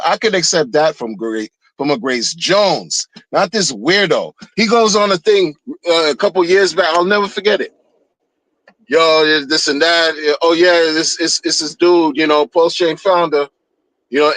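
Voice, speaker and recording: A man's voice: a little high, normal speed, a bit bright, no room sound, low-quality recording. A man ranting in a heated, mocking way, repeating phrases to drive his point home. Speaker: streamer ranting commentary. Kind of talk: casual rant.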